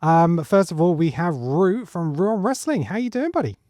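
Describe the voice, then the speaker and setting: A man's voice: high-pitched, very animated, normal speed, dark tone, no echo. Middle-aged man hosting, dry voice. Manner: friendly, laughs often. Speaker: podcast host. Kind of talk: casual chat.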